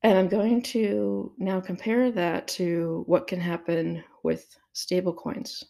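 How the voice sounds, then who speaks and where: A woman's voice: fairly low pitch, flat delivery, slow, gravelly, dark tone. A woman giving a casual solo commentary, thinking aloud with fillers and restarts and asking herself rhetorical questions. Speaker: crypto commentator.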